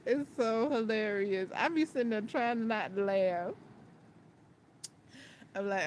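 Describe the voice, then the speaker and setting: A woman's voice: fairly high pitch, lively intonation, a little slow, a little hiss or hum. A woman vlogger chatting casually about a movie, giggling often and repeating her words.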